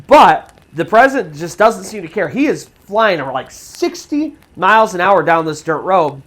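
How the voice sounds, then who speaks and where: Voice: medium pitch, sing-song, normal speed, fairly bright tone. Channel host telling a spooky true story, laid-back, lots of you know and like. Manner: casual, conversational retelling with fillers. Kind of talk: narrated true scary story.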